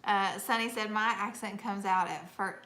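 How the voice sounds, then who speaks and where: A middle-aged woman from Northeast Georgia, with a Georgia accent, hosts a casual livestream where she reads viewer comments, chatting and laughing often. Her mid-range voice moves at a normal speed and sounds bright and forceful.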